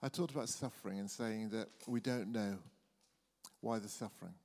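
A man's voice: lowish voice, moderate pace, darkish tone. A man in his sixties preaching an evening sermon in a church, earnest and often repeating words as he speaks. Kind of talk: evening sermon and closing prayer. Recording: church hall reverb.

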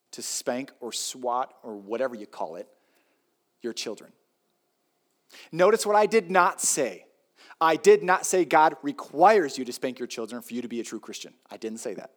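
Pastor, middle-aged man, chatty sermon, swoops up and down a lot, punchy repeats. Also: mid-range voice. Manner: conversational and joking, with emphatic repetition.

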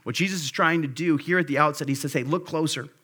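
A man in his thirties preaching a sermon as pastor, conversational and earnest, with bursts of excitement. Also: a little high, fast, breathy edge.

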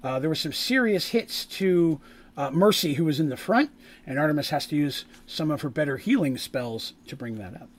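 A man's voice: expressive, normal speed. A man narrating a tabletop game as game master, rambling with many fillers and restarts, and lifting his voice for dramatic scene-setting. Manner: rises in pitch and volume for dramatic scene-setting.

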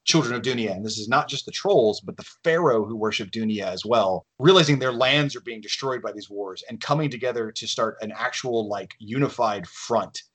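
A man's voice: on the low side, brisk, few pauses, a bit bright, breathy edge. A man on a podcast enthusiastically explaining game lore, often restarting his sentences. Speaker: game designer guest. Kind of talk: casual podcast chat.

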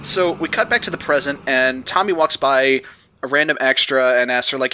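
A man hosting a podcast, recapping a TV episode in a rambling, animated casual chat. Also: medium pitch, moderate pace, background noise. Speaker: podcast host.

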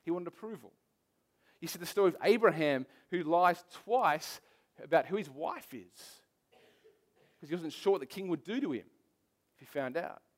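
A pastor delivers his sermon in a high-pitched voice for a man. He talks to the room like a storyteller, mixing scripture with personal anecdotes, and hammers key phrases by repeating them. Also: animated, moderate pace, long pauses. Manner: emphatic repetition.

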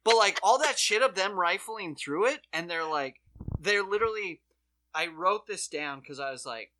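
A podcast co-host tells a long story in loose, profane chat, jumping into quick voices for the people in it. The voice is bright and forward, with a tense edge. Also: mid-range voice, expressive. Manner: swearing storyteller who acts out quotes. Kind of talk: casual chat.

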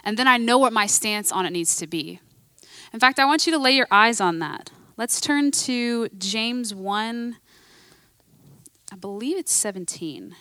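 A woman's voice: a little high, animated, a little slow, pushed and bright, no room sound. A woman preaching a sermon in a conversational, emphatic way, repeating her key phrases.

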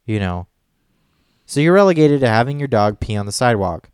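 A man's voice: mid-range voice, big pitch swings, fairly quick, darkish tone, smooth, no echo, clean studio sound. A man telling a story in a casual podcast chat, rambling and swearing often. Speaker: podcast co-host.

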